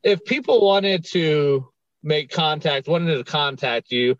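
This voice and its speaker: A man's voice: fairly high pitch, expressive, slow pace, no echo. A man from Colorado hosting a podcast, talking in an easygoing, rambling way. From Colorado, USA. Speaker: podcast host. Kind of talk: casual interview chat. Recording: muffled audio with faint music.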